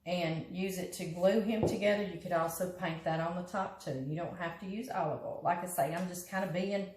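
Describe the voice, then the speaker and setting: A woman's voice: fairly low pitch, brisk, a little mellow, echoey room, poor audio. A woman with a Southern accent, hosting a home cooking show in casual, folksy chat and laughing often. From Louisiana. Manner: chatty, folksy, laughs often, calls food "him". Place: home kitchen.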